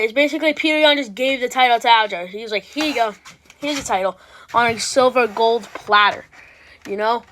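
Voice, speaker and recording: High-voiced rambling woman reacting to rankings. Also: a bit bright, slight background noise. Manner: rambling, self-interrupting, swears casually. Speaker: MMA reaction host. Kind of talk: casual reaction commentary.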